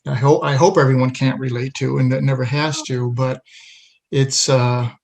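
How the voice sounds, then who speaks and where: A man hosting an interview, speaking in a measured, supportive way. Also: medium pitch, steady tone, gravelly. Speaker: podcast host. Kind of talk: interview conversation.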